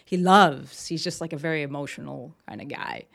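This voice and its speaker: A woman's voice: low-pitched, fairly quick, vocal fry, a bit bright. A woman hosting a casual solo podcast from her desk, talking enthusiastically and rambling with lots of fillers and restarts. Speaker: podcast host. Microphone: desk mic with camera.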